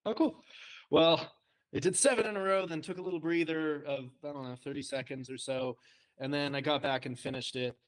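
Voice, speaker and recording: A man, a high school English teacher, chatting casually and telling self-deprecating stories with frequent laughs. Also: steady tone, fairly quick. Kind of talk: casual chat.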